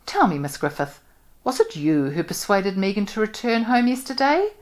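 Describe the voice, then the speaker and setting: A woman's voice: medium pitch, big pitch swings, moderate pace, pitched above the performer's own voice, lightly acted. A woman reading aloud and voicing a wry, exasperated young man with a dry, sardonic way of talking. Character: wry, exasperated young male war veteran.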